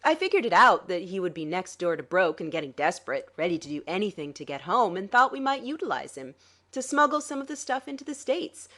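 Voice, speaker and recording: A cool, scheming male swindler, voiced by a woman narrator, dry and condescending. The delivery lilts up and down with animated sarcasm. Heard in a dramatic audiobook reading. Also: fairly low pitch, fairly quick, exaggerated voice. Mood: smug.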